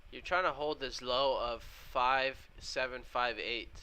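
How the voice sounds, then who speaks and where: A man's voice: medium pitch, fairly even intonation, takes it slowly, pushed and bright, clear, resonant tone. A man casually walking viewers through his trades on a live stream and answering chat. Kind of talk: live trading stream commentary.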